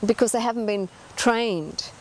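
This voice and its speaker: A woman's voice: on the high side, a little slow, slight background noise. A middle-aged woman giving an earnest talk as an animal communicator, emphatic and full of rhetorical questions.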